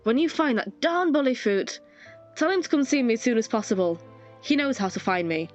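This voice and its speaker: A woman's voice: on the high side, animated, a little fast, lightly acted. A woman voicing a smug, condescending cult operative in a game who makes threats. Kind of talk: fan voice-over of a game scene. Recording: dull lo-fi with faint music.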